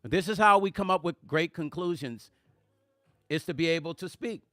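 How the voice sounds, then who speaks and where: Animated man hosting a music livestream. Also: a little high, moderate pace, no room sound, clean studio sound. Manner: animated and emphatic, repeats words for emphasis. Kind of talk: casual livestream chat reading comments.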